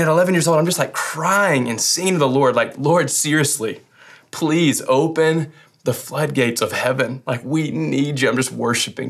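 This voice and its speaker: A man's voice: medium pitch, a bit bright. A young man preaching a sermon in a casual, joking way, often restarting his phrases. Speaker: pastor.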